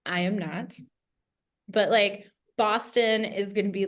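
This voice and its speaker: A woman chats in an easygoing, friendly way and readily laughs at her own limits. Her voice sits at a middle pitch. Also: steady tone, unhurried, fairly bright tone. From USA. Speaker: guest. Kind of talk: casual online group chat.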